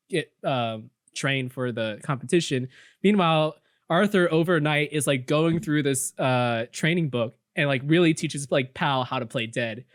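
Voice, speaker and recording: A man's voice: on the high side, dry recording, clean studio sound. A young man guest telling a made-up story in casual chat, rambling with lots of fillers. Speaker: podcast guest.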